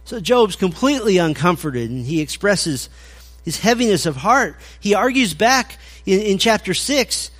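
A man's voice: sits high, very animated, moderate pace, fairly bright tone, husky. A male pastor preaching through scripture, reading verses aloud and commenting with dry irony, with occasional stammered restarts. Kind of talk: expository sermon.

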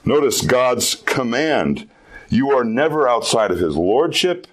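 A man's voice: medium pitch, very animated, unhurried. A man giving a youth sermon as pastor, earnest and emphatic, repeating key phrases for weight.

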